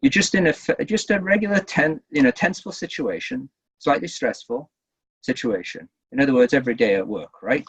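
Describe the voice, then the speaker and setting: A man running a communication-skills webinar, talking in a lively way, repeating himself and checking in with "right?". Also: medium pitch, fairly quick, husky. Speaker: workshop trainer. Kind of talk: webinar teaching. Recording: dull lo-fi webinar audio.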